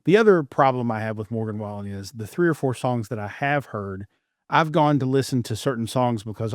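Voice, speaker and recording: A man's voice: medium pitch, lively intonation, dry recording. Opinionated man talking casually, dry mic. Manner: measured, opinionated, with frequent restarts. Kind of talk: casual chat.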